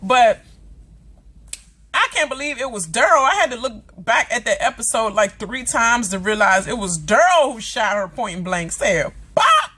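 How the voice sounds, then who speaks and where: A woman's voice: fairly high pitch, animated, moderate pace, sharp tone, slightly rough. A woman talking straight to her viewers in a loose, chatty rant. She is dramatic and swears freely, drops lots of fillers and asides, and slips into voices for the characters she describes. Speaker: vlogger reviewing a TV episode. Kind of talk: casual reaction rant.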